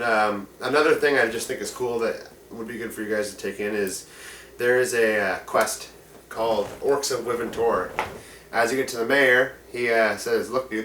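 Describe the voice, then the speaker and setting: A man's voice: lowish voice, steady tone, normal speed, a bit bright. Rambling, enthusiastic male game master. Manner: enthusiastic, rambling, many fillers. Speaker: game master giving tips. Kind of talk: casual instructional talk. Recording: echoey room, mic at a distance, faint noise.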